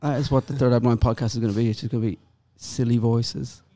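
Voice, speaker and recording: A man's voice: mid-range voice, fairly even intonation, fast, mellow. A man in a band chatting casually and playfully on a backstage podcast. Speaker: band member.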